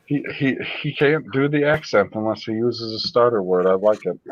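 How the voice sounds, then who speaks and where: Low-voiced man host, loose profane chat, dull dry stream audio. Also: animated, no echo. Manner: loose, swearing, quick laughs. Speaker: livestream host.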